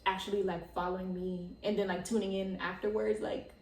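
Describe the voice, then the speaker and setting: A young woman in her twenties hosting her own podcast, excitable and chatty, full of "like" and laughs. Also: medium pitch, a little fast, echoey room, distant mic. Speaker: podcast host. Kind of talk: casual chat.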